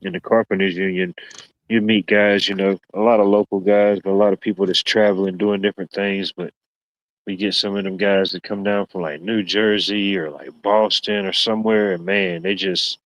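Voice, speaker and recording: A man's voice: low-pitched, fairly even intonation, moderate pace, no echo, highs cut off. A man hosting a casual live stream, joking and rambling, peppering his talk with "you know what I mean". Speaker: stream host.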